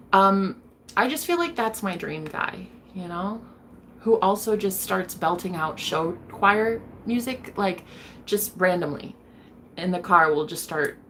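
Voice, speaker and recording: A woman's voice: fairly low pitch, a bit bright, a little hiss or hum. Blunt, chatty woman streamer. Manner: chatty and blunt, swears freely and laughs often. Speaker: streamer reading viewer comments. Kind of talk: casual livestream chat.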